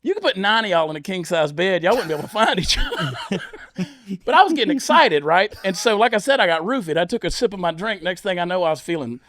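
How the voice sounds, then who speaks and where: A man's voice: high voice, fast. A man telling wild comic stories as a podcast guest, acting out the voices of the people he quotes. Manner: animated storyteller, lively acted-out quotes. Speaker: comedian guest. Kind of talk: storytelling on a podcast.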